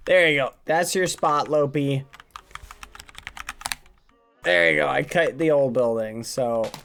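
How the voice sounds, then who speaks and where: A man's voice: a little high, slow, gravelly, fairly bright tone, slight background noise. A man hosting a building game on stream, casually chatting and joking with the players and encouraging them. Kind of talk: casual livestream commentary.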